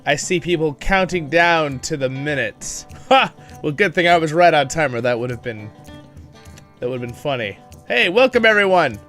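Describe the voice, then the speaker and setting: A man's voice: fairly high pitch, lively intonation, normal speed, pushed and bright, soft background music. A man hosting a casual livestream, chatty and upbeat, greeting viewers by name and laughing often, with a bit of a morning voice. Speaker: livestream host.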